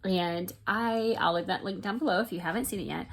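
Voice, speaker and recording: A woman, a crochet vlogger rambling excitedly in casual chat to her viewers. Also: fairly low pitch, brisk. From Florida, US.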